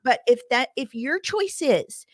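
A woman's voice: sits high, animated, measured pace, dry recording, clean studio sound. A woman co-hosting a podcast in casual chat, blunt and indignant, laughing often. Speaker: podcast co-host.

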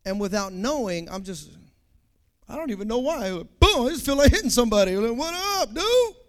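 A man preaching a sermon, acting out everyday scenes with lively sound effects and asides. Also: fairly quick. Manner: animated, acts out scenes, sound effects like boom.

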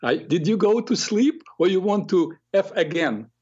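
A man's voice: sits high, lively intonation, moderate pace, a little mellow, breathy edge, muffled recording, voice pushed up. A man voicing a rude prank-calling boy of about ten, taunting and jeering in a raised voice.

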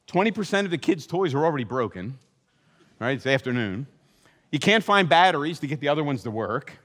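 A man preaching a sermon as pastor, animated and acting out the voices of hopeful and disappointed people. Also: medium pitch, fast talker. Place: church sanctuary. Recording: long hall reverb.

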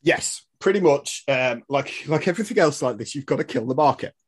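A man explaining history in casual podcast chat, animated and swearing, laughing at his own points. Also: medium pitch, fairly quick, husky. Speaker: guest historian.

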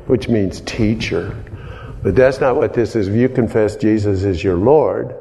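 A man preaching a sermon, teaching slowly and explaining word by word with frequent pauses and fillers. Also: on the low side, warm tone, in a large hall. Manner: slow, explanatory teaching with hesitations.

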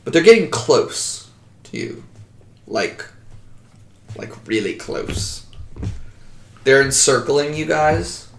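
A man's voice: on the high side, big pitch swings, slow, gravelly, long pauses, a bit bright. A man acting as game master and podcast host, narrating a tabletop game in a casual, joking way and swearing freely. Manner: casual, swears freely, laughs between descriptions.

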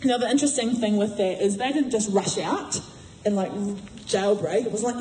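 A woman giving a sermon in a chatty, animated way, acting out voices as she retells a story. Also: medium pitch, normal speed, a little hiss or hum. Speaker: preacher. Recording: echoey room.

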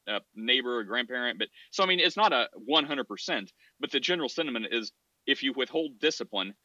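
A man co-hosting a casual podcast discussion, rambling and animated, often acting out quoted voices. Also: medium pitch, dry recording, highs cut off. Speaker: podcast co-host.

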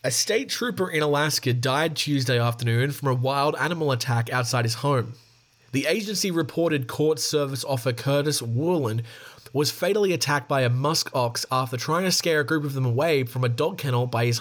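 A man's voice: medium pitch, normal speed. Man reading news with casual asides. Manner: stumbles and restarts while reading, chatty asides. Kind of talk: reading news articles aloud with casual commentary.

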